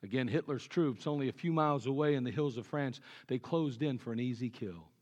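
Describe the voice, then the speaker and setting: A man preaching a sermon with earnest conviction, dropping low and quiet on his key points. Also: brisk, lo-fi sound. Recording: long reverb of a large hall.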